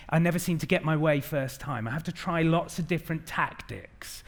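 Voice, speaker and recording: Bright-voiced man giving a keynote. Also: on the high side. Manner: lively, engaging, directs the audience. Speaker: keynote speaker. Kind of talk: conference keynote talk. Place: large conference hall.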